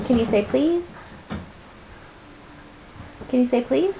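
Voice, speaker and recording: A woman's voice: sits high, takes it slowly, vocal fry, dark tone, dull audio, slight background noise. A mother in a home video, coaxing her baby with sing-song, encouraging baby talk.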